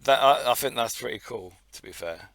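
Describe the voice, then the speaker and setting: A man's voice: mid-range voice, animated, brisk, a bit bright. A man co-hosting a podcast in blunt, sweary, teasing casual banter. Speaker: podcast co-host.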